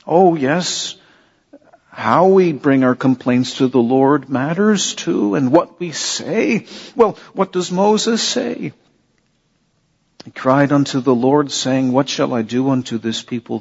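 A man preaching an earnest sermon, with a voice pitched a little high and a husky edge. He speaks slowly and leans on repeated phrases and rhetorical questions. The recording is dull and lo-fi. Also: darkish tone, big-room sound.

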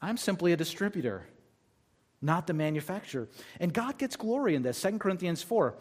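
A man's voice: high voice, very animated, a little fast. A man preaching a sermon as pastor, talking conversationally and reading scripture aloud between his points.

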